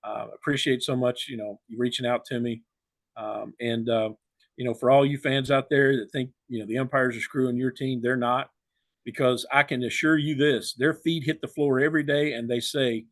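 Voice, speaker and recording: An older man, a retired umpire, talking reflectively in a casual interview, with many pauses and fillers. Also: medium pitch, fairly even intonation, no room sound, studio quality.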